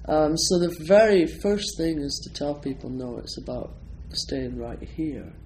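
A Scottish man with a slightly raised voice speaks as a meditation teacher to a live audience. His manner is relaxed and self-deprecating, and he fills his talk with ums and you-knows. A faint hum of room noise sits behind him. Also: a little high, unhurried, poor audio. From Scotland. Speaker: Zen meditation teacher, priest.

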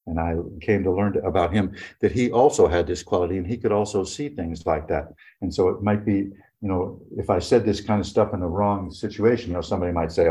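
Older man, deep voice, mellow tone, rambling casual storytelling, lots of fillers. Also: fast talker. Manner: rambling, many "you know" fillers.

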